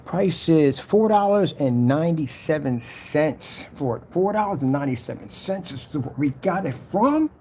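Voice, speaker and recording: Gravelly man muttering while he works. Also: on the high side, very animated, moderate pace, few pauses, warm tone, a little hiss or hum. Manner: boastful, hypes his product, trash talks rivals; mutters and whispers to himself while working. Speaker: small business owner making a product ad. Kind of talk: casual talk-along screen recording.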